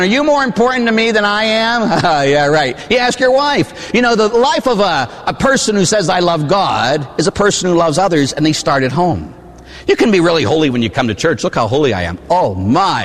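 A priest in his forties from Pittsburgh, preaching a sermon with animated storytelling and asides to the congregation. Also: a little high, in a large hall. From Pittsburgh, USA. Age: 40s. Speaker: Catholic priest. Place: church.

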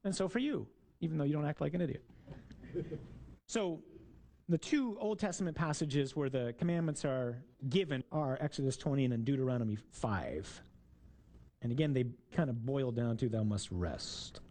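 A man's voice: a little high, moderate pace, dark tone. A man, a priest, giving a conversational sermon with jokes and asides to the congregation.

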